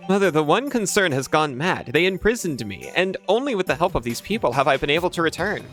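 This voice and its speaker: A man's voice: on the high side, big pitch swings, quick pace, a bit bright. An anxious, earnest young son, voiced by a man, pleading and urgent, his voice pushed a bit above the reader's own. Faint music runs behind this game dialogue. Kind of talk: reading game dialogue aloud.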